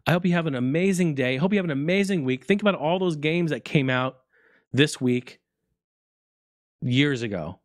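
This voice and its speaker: A man's voice: on the high side, animated, normal speed, long pauses, no room sound, clean studio sound. A man hosting his own gaming podcast, talking casually in a rambling, heartfelt way and swearing freely. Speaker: podcast host. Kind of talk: casual solo podcast talk.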